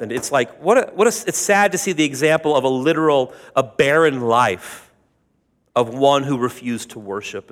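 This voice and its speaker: A man's voice: high voice, a bit bright, big-room sound. A man preaching a sermon, retelling scripture in a conversational, joking way with asides to the congregation. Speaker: pastor.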